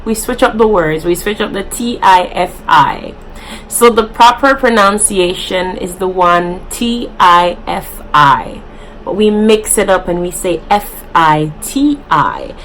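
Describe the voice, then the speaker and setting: A woman's voice: fairly low pitch, expressive, slow pace, fairly bright tone, a little hiss or hum, rough recording. A young adult woman with a Jamaican accent, hosting a casual vlog and playfully switching into patois examples. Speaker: vlogger.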